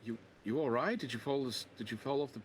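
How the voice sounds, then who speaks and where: A man's voice: mid-range voice, quick pace, a little hiss or hum. A man in a live role-play, speaking hesitantly and restarting his sentences. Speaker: fellow role-player.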